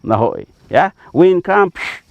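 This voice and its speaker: A man's voice: fairly high pitch, sing-song, unhurried, a little mellow, no room sound. A man who farms taro, speaking with a Hawaiian Pidgin English accent as he gives a folksy outdoor demonstration at his farm, often checking in with his listeners. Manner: folksy, keeps checking in with "yeah?". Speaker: taro farmer. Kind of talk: field demonstration.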